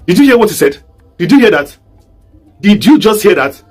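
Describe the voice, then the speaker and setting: A man's voice: sits high, very animated, normal speed, a little mellow, faint music behind. A man from southeast Nigeria with a Nigerian accent, giving an online commentary monologue full of rhetorical, repeated questions. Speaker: political commentator.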